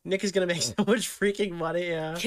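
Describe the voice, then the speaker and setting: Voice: medium pitch, steady tone, brisk. Casual reaction commentator, scoffing, profane, rambling.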